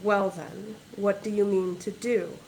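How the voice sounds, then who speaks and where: A woman's voice: medium pitch, fairly even intonation, unhurried, gravelly, a little mellow, a little hiss or hum, low-quality recording. A woman reading aloud, voicing a wary, dry-humored male sea merchant in a guarded manner.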